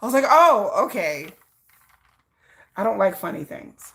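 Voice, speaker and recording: A woman's voice: mid-range voice, big pitch swings, a little slow, gravelly, a bit bright. A middle-aged woman hosting a casual livestream, chatting bluntly with viewers, swearing freely and laughing often. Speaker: livestream host.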